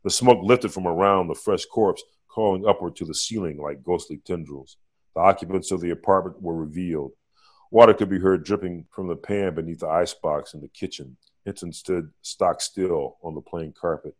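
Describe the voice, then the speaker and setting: A man, an author, giving a measured, vivid reading of his own fiction chapter. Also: deep voice.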